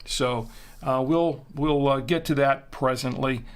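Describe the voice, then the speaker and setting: A man's voice: mid-range voice, fairly even intonation, slow, smooth. A man hosting a live drinks show, chatting casually and rambling with many fillers and restarts. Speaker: host. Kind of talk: casual livestream chat.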